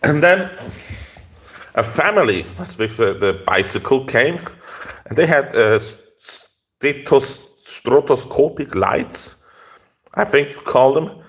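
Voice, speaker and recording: A man telling a story in a casual rant, rambling with halting restarts and profane outbursts. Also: mid-range voice, lively intonation, a bit bright.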